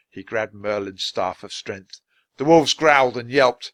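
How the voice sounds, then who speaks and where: A man reading a children's storybook aloud, slowly and deliberately for English learners. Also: mid-range voice, a bit bright, dry recording. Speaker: storybook reader.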